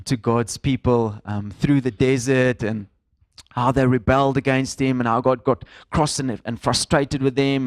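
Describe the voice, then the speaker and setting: A man's voice: mid-range voice, no echo. A man, preaching a conversational sermon to a church congregation, with fillers and stray Afrikaans phrases. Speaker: pastor.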